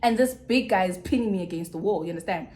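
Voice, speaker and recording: A young woman with a South African accent, telling a personal story in a casual, animated way with big swings in pitch. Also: fast talker. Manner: animated, dramatic retelling with swooping pitch. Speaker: YouTuber.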